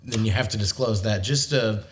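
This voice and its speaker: A man's voice: lowish voice, moderate pace. A man co-hosting a podcast, telling joking anecdotes in casual chat.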